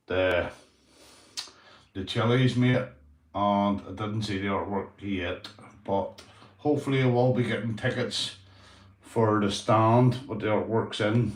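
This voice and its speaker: A man with a Northern Irish accent chatting casually on a livestream, swearing freely and calling everyone mate. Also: medium pitch. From Northern Ireland. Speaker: YouTube livestreamer. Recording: roomy echoey room sound.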